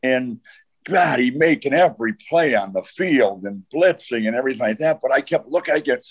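An older man, a retired football coach, spins long, rambling stories as a podcast guest. His voice sits at an average pitch. He trails off into "uh" and restarts his sentences as he goes. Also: animated, normal speed, breathy edge. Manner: rambling anecdotes with frequent "uh" and restarts. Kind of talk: storytelling in a podcast interview.

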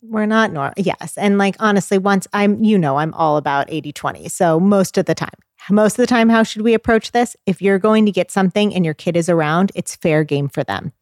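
A woman in her thirties talking as a guest, explaining child feeding in an earnest, animated way. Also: mid-range voice, a little fast, few pauses, dry recording, studio quality. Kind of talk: casual advice chat.

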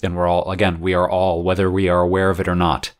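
Deep-voiced earnest male podcast co-host. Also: monotone, fast, smooth. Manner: earnest and philosophical, ranging into rants. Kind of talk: reflective casual chat.

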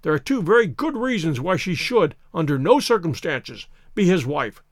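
A man voices a cold, masterful detective who gives clipped, authoritative orders. The voice sits fairly high for a man and is recorded dry and close. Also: sing-song, moderate pace, dry recording. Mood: cool. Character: cold, commanding male detective. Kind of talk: audiobook character reading.

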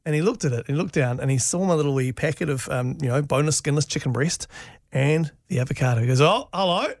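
A man co-hosting a breakfast radio show, telling a story in an excitable, laughing way. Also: medium pitch, quick pace, no echo. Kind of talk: casual radio banter, storytelling. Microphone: studio microphone. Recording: dry studio with faint music bed.

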